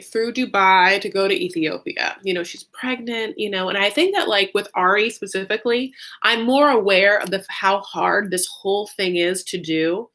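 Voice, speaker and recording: A woman talking in a casual, gossipy recap vlog, chatty and animated, packing her talk with "like.". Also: mid-range voice. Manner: chatty, heavy use of "like", animated asides. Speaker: YouTube reality-TV recapper.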